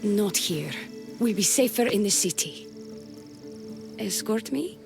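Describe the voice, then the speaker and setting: Sultry flirty priestess, slow teasing talk, game music behind. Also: female voice, mid-range voice, animated. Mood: earnest. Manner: sultry, teasing, slips into breathy whispers. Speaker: game character. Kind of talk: video game voice acting.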